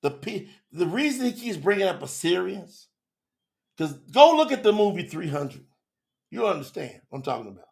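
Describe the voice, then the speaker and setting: Fervent high-voiced preacher, gravelly man. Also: big pitch swings, normal speed, darkish tone. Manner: fervent, preacherly, talks to the chat. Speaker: Bible teacher on a live stream. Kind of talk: passionate live-stream scripture teaching.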